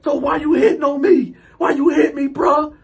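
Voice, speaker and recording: A man's voice: very high-pitched, steady tone, moderate pace, gravelly, pitched above the performer's own voice. Man doing a whiny pleading cellmate. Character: naked young male cellmate, whiny and pleading.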